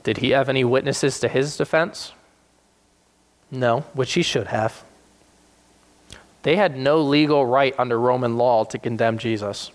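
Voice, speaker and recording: A man preaching a sermon, retelling scripture with animated acted-out voices for the people in the story. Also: measured pace, pauses often. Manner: animated, acts out quoted characters with sudden high-pitched voices. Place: South Jersey church.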